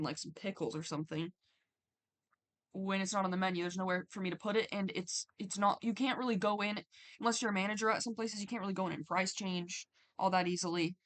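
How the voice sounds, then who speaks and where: A woman's voice: medium pitch, fairly bright tone. Chatty woman streamer reading stories aloud. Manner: chatty, reads aloud then breaks off to comment. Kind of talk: casual stream reading with commentary.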